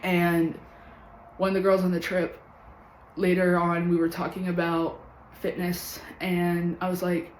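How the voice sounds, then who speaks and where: A woman's voice: fairly low pitch, completely flat delivery. Woman in her thirties, roomy echo. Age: 30s. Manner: earnest and candid, long run-on story with many pauses. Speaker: vlogger telling her own story. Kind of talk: personal storytelling to camera. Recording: roomy echo with faint background hum.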